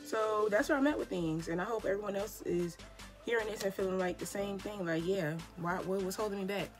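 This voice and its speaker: A woman's voice: mid-range voice, a little fast. A young woman chatting casually as she does her makeup at home, slangy and encouraging, with faint music behind her. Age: young adult. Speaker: beauty vlogger. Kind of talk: casual get-ready-with-me chat. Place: home, indoors.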